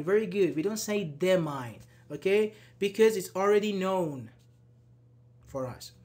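A man's voice: high voice, a bit bright. A man teaching a live online English grammar class. He is patient and encouraging, praises answers and often checks with "okay?".

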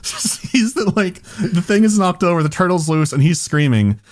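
A man's voice: high-pitched, expressive, moderate pace, heavy background noise. A man hosting a podcast, telling a story in casual chat, laughing often and swearing freely. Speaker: podcast host.

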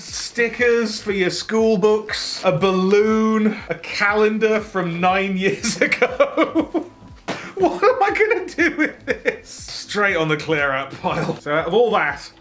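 A man's voice: high-pitched, fairly bright tone. A man chatting sarcastically while unboxing toys, laughing often in mock disappointment. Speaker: toy unboxing vlogger. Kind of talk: casual unboxing chat.

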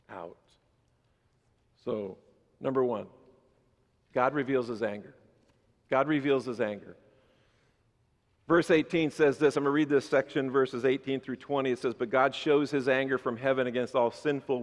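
A male pastor preaching a sermon, moving between calm teaching and loud emphatic bursts. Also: medium pitch. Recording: reverberant church hall.

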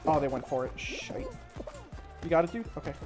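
A woman streaming a party game, giving excited play-by-play and yelling at every win and fall. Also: low voice, racing. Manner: excitable, shrieks and yells at wins and falls. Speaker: gaming streamer. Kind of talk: excited let's-play commentary. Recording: game music behind the voice.

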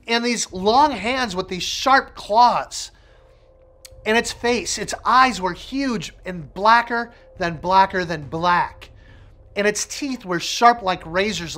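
A man's voice: high voice, sharp tone. A middle-aged man, a minister, sharing a personal testimony with vivid, emphatic repetition.

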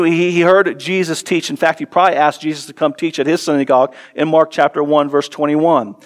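Earnest pastor preaching, fairly high voice. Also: male voice. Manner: earnest, repeats words when emphasizing, drops soft and low for tender passages. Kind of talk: sermon.

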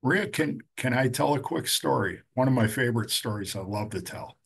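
A middle-aged man, a recovery counselor, talking earnestly and with feeling, with some halting fillers. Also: medium pitch, lively intonation, vocal fry, a bit bright, slightly rough. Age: middle-aged or older. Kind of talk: conversational storytelling.

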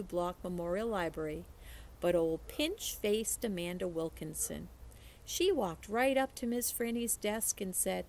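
A woman teacher reading a children's novel aloud in a slow, expressive way. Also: on the low side, vocal fry, a little hiss or hum.

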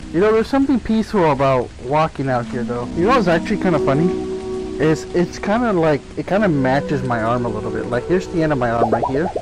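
A man's voice: fairly high pitch, poor audio. A young man playing a horror game alone in VR, swearing freely and shrieking when frightened. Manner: jumpy, swears a lot, shrieks when scared. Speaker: gaming streamer. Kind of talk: solo horror game commentary.

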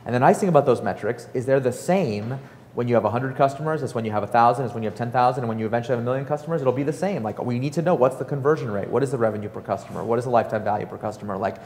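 A man talks fast and loose to an audience, with many fillers and quick asides. His voice sits at a middle pitch. Sound rings with a long hall reverb. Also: slight background noise. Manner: fast, animated, filler-heavy storytelling with acted-out quotes. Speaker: startup author and speaker. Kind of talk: casual talk before an audience.

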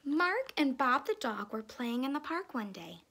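A woman teacher reads a storybook aloud to young children in a sing-song manner. Her voice is high and bright. Her delivery is slow and unhurried. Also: big pitch swings, creaky, slightly rough. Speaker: first-grade teacher.

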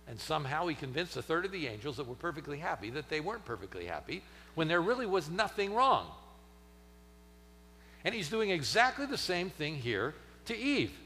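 A man preaching a sermon in a church, dramatic, swinging from loud emphasis to near-whispers. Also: high voice, long reverb tail. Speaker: pastor. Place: church sanctuary.

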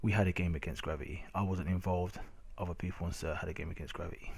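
A man's voice: deep voice, fairly even intonation, fast talker, gravelly, a little mellow, husky. A young man with a London accent, ranting casually over game footage with lots of slang and repeated "innit". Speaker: gamer narrating match footage. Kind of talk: casual rant over gameplay video.

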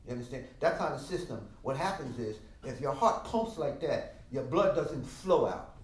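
A man's voice: medium pitch, normal speed. Older man teaching, voice echoing from afar. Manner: sings out rhythms with drum sounds; animated, emphatic. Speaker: music teacher. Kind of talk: masterclass lecture. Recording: roomy sound from a distant mic.

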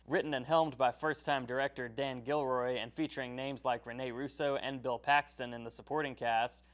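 A man presenting scripted entertainment news about movies, in an upbeat, brisk manner. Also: mid-range voice. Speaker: entertainment reporter.

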